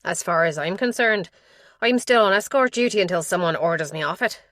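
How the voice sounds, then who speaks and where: A woman narrator voicing a gruff male police constable with a harsh Donegal accent, blunt but kind. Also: lowish voice, animated, fairly quick, a bit bright, no echo. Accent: Donegal Irish.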